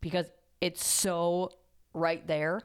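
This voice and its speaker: Frank, lower-voiced woman on a podcast. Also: level tone, takes it slowly, smooth. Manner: frank, candid, lightly self-mocking. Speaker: podcast co-host. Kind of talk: casual chat.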